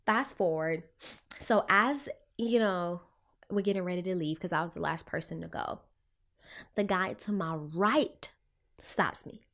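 A young adult woman, a clinician who works with children, telling a personal story to her viewers in a lively, expressive way, her pitch jumping around and her speech full of fillers like "you know". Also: unhurried. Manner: animated, swinging pitch, filler-heavy retelling.

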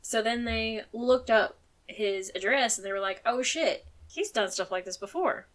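A woman's voice: a little high, a little slow, a bit bright. Woman, podcast host, true crime chat, swears a lot, emphatic, announcer tone when angry. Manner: casual storyteller who swears often, gets emphatic when angry; says she uses a firm announcer voice when angry.

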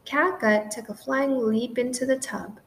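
A woman reads a children's story aloud in a gentle, clear storytelling voice. Her pitch sits a little high, and a faint room ambience hums behind her. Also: a little slow, slight background noise, rough recording. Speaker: storybook narrator. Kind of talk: scripted children's story narration.

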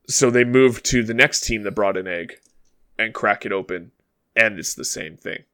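A man narrating a tabletop role-playing game as game master, relaxed and hesitant, with frequent fillers. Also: on the low side, normal speed, clean tone.

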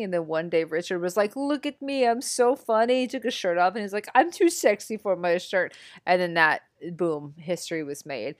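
A young woman hosting a podcast, chatty and self-mocking with quick asides. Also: on the low side, dry recording, studio quality. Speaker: podcast host. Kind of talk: casual chat.

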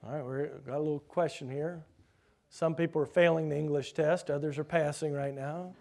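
A man preaching a sermon, teaching like a classroom lesson, quizzing his listeners and slowing down to hammer home key words. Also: fairly high pitch, fairly even intonation, creaky, darkish tone.

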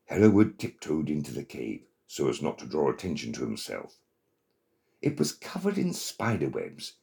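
A man narrating a children's story in an expressive, dramatic manner. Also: rumbling low, creaky.

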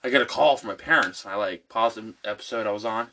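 A man in casual chat, telling stories with lively voiced-out quotes. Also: on the low side, fast talker, slight background noise. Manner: animated storyteller acting out quotes. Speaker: co-host.

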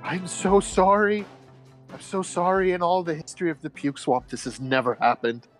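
A man voicing a panicky, apologetic male arena announcer who rushes his words. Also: sits high, fairly even intonation, soft background music, voice pushed up, natural voice. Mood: panicked. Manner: panicky, apologetic, breathless rush.

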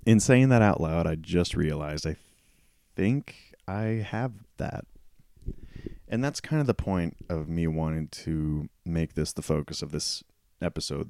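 A man hosting a solo podcast, talking candidly in a casual, self-deprecating way, often clearing his throat as he loses his voice. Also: a bass voice, dark tone, no echo. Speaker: podcast host.

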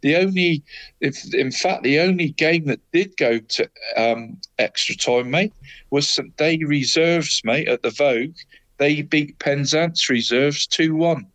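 A man's voice: a little high, a little slow, a bit bright. A man co-hosting a casual football chat, rambling through results and tagging nearly every phrase with "mate". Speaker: co-host giving local football results.

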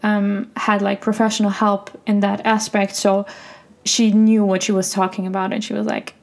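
Flat, gravelly-voiced woman reflecting softly. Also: medium pitch, moderate pace. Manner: reflective, soft-spoken, many "like" fillers. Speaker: podcast host. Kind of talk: personal monologue podcast.

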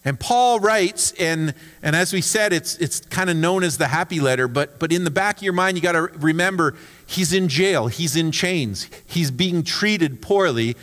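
A man's voice: a little high, fairly bright tone. A man preaching a conversational sermon as a pastor, talking casually and often restarting his words. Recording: long hall reverb.

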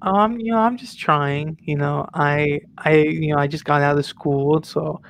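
A man's voice: on the high side, fairly even intonation, a little slow, gravelly, a bit bright, a little hiss or hum. A man doing a stammering young museum apprentice. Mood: nervous. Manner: stammering, flustered.

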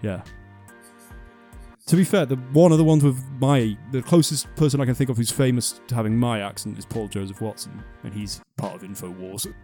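A man's voice: medium pitch, brisk, mellow, faint music behind. A man from England co-hosting a podcast, rambling and laughing at himself in casual chat. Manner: rambling, self-mocking, laughs often. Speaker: podcast co-host.

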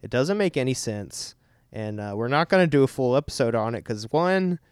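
A man's voice: medium pitch, lively intonation, fairly quick, clean tone, dry recording, clean studio sound. A young man co-hosting a podcast, chatting casually in a rambling, joking way. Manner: rambling, laughing, self-deprecating. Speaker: podcast co-host. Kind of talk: casual chat.

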